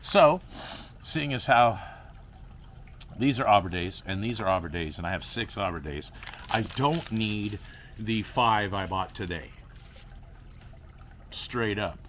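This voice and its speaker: Goofy young man vlogging plants, rambling, swooping pitch, camera mic. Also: expressive, slow pace, pauses often, a bit bright, slight background noise. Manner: rambling, goofy, talks to himself and viewers. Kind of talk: casual vlog while repotting plants.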